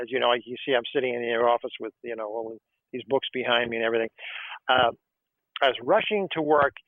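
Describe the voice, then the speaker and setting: A man's voice: medium pitch, dry recording. Tinny-sounding attorney man, rambling. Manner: rambling, peppered with "okay" and "you know". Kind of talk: conversational interview talk.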